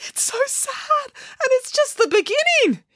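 Woman doing a weepy, high-voiced bear. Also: very animated, unhurried, fairly bright tone, no room sound, studio quality, exaggerated voice. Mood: wailing. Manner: wailing, emotional. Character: tender, teary young male bear, ballet dancer.

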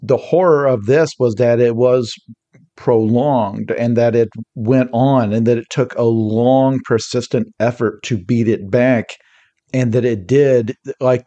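A man guesting on a podcast, his voice mellow and warm in tone. He talks casually and with energy, slipping into quick mocking quotes as he makes his points. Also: mid-range voice, dull audio. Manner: animated storytelling with quick mock quotes.

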